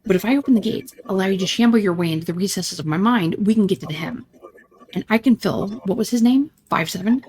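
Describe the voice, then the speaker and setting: A woman hosting a let's-play reads the game's lines aloud with theatrical flair, trading one character's voice for another as the scenes move along. Her voice sits at an ordinary middle pitch. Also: fast, darkish tone, husky. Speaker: gaming channel host. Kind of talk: reading game dialogue aloud in a let's-play.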